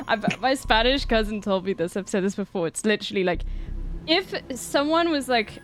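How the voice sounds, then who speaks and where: A woman's voice: mid-range voice, animated, normal speed. A woman streamer with a neutral English accent chatting casually with friends on a voice call, rambling and laughing often. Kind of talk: casual chat over voice call.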